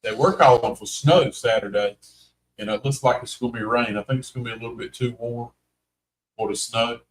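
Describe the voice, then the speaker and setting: A man's voice: mid-range voice, fairly quick. Folksy North Carolina man hosting. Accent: Southern US, North Carolina. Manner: chatty, folksy, teasing. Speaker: co-host of paranormal live stream. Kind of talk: casual live stream chat.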